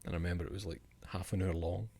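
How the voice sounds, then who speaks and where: A man's voice: low voice, steady tone, very fast, dark tone. A male streamer chatting casually after a live show, rambling, sweary and self-mocking.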